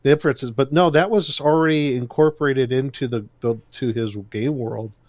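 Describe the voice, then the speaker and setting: A man's voice: mid-range voice, normal speed, darkish tone, dry recording. A man co-hosting a podcast, chatting casually about a tabletop game setting, rambling with frequent restarts and easy laughs. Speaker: podcast co-host.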